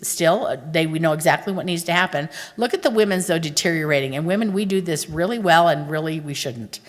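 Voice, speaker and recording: A middle-aged woman with a low voice speaks a little fast, with few pauses, giving a funny talk at a conference. She jokes, tells stories, and addresses the audience directly. The large conference hall leaves a long reverb on the recording.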